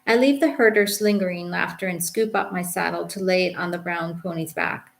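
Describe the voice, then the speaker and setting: A young Englishwoman reads her travel memoir aloud with a low, gravelly fry settling into her phrases. Her delivery is reflective, and she holds a dry, understated wit. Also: fairly even intonation, brisk. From England. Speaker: author reading her memoir. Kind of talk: audiobook memoir narration.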